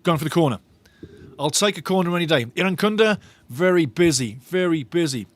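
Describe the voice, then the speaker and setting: This fan commentates a match live on a watch-along stream, excited and animated, repeating phrases and breaking into laughter. His voice sits a touch above usual pitch and runs a little fast, recorded close and dry with no echo or room around him.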